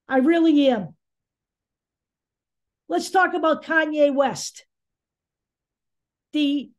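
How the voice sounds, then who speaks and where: A woman hosting a political commentary show, talking angrily, bluntly and sarcastically, with some swearing. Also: high-pitched. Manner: angry, sarcastic, blunt and profane. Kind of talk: opinion commentary monologue.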